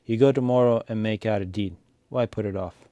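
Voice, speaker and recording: Brief: flustered village housewife, persuasive, man voicing her, warm low tone. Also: fairly quick, no room sound, highs cut off, natural voice. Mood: coaxing. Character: fussy, coaxing middle-aged housewife.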